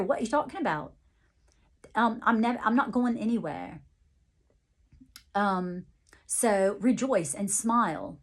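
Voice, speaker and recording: A woman working as a psychic medium talks through a channelled reading in a mid-range voice. She relays messages in the first person, pausing and restarting often. Her asides have a gently playful, chuckling manner. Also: medium pitch, lively intonation.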